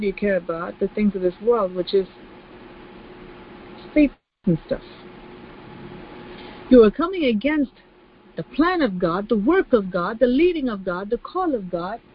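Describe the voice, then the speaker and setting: A woman preaching with emphatic repetition, now and then slipping into the voices of the people she quotes. Her voice sits at an ordinary pitch. The recording is a little muffled. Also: a little hiss or hum. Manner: emphatic, repeats key phrases, acts out quoted voices. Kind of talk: sermon.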